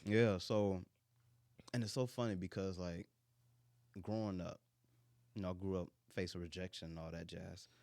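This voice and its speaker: A man in his thirties, hosting a casual chat and telling stories in an animated, colloquial way. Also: low voice, moderate pace, pauses often, dry recording. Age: 30s.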